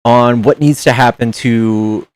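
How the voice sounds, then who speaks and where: A man's voice: mid-range voice, fairly even intonation, slow, no echo. A man streaming live, chatting casually with his chat, reading aloud and swearing as he reacts.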